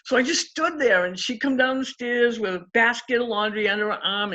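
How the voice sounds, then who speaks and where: A woman coach in an interview, telling stories with lively acted-out quotes in casual talk. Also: mid-range voice, moderate pace. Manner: animated, acts out quotes in story. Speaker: guest coach. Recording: dull lo-fi audio.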